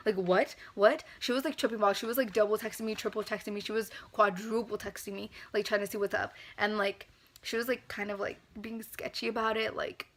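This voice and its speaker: A woman's voice: mid-range voice, fairly even intonation, brisk, fairly bright tone, slight background noise. A young woman telling a storytime vlog in casual, profane talk, filled with "like" and angry rants. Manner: profane, heavy use of "like", rants. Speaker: vlogger.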